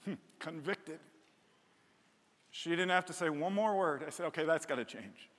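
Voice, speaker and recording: A middle-aged man preaching a sermon as a pastor, animated and joking, building to emphatic repeated lines on a stage microphone. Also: a little high, a little fast. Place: large church hall. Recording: long hall reverb.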